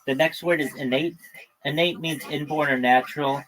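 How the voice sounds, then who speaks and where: Man calmly defining vocabulary words. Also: on the high side, slight background noise, rough recording. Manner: explains slowly, pauses often, talks to the chat. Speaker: livestream host teaching vocabulary. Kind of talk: casual vocabulary lesson on a livestream.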